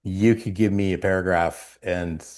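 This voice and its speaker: Low-voiced man telling animated stories. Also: normal speed. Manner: animated storyteller, acts out quotes. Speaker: actor guest. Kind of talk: storytelling interview.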